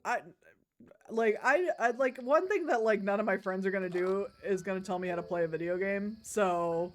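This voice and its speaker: A woman's voice: mid-range voice, normal speed. A woman chatting casually to her stream chat while playing a video game, rambling and joking. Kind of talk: casual gaming stream commentary.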